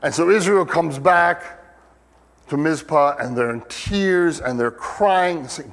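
A man's voice: a little high, expressive, a little slow, gravelly, a bit bright. A man preaching a sermon in a conversational way, with many fillers and sudden emphatic peaks. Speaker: pastor. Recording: long hall reverb.

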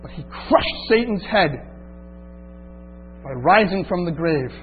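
A man preaching a sermon, telling the story dramatically and swinging from hushed asides to loud exclamations. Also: high-pitched, expressive, slow pace. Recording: tinny phone-like recording with mains hum.

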